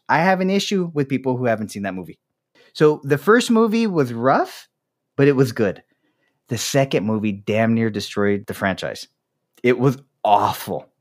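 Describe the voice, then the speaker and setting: A man hosting a casual podcast chat, ranting with profanity and laughing often. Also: mid-range voice. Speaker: podcast host.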